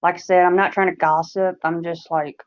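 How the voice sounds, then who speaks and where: A woman with a Southern American drawl, talking in a casual, halting way and repeating herself as she goes. Her voice sits fairly low, and the sound is dull and lo-fi. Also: flat delivery, over a noisy crowd. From United States. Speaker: viewer joining a live stream. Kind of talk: casual chat.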